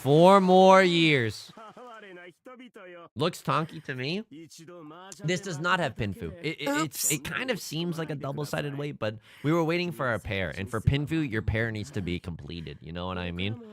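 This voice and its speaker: A man streaming live gameplay with commentary, joking around and bursting into sudden loud exclamations. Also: mid-range voice, sing-song, moderate pace.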